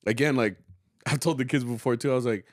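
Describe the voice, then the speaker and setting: A man's voice: medium pitch, a little fast, no room sound, studio quality. A man who directs a school mariachi program, chatting casually on a podcast, rambling and laughing often and mixing in bits of Spanish.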